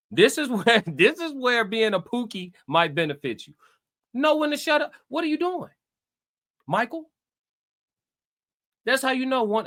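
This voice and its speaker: High-voiced mocking young man reacting. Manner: loud, mocking, slangy, laughs often. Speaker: reaction commentator. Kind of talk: reacting to a podcast clip.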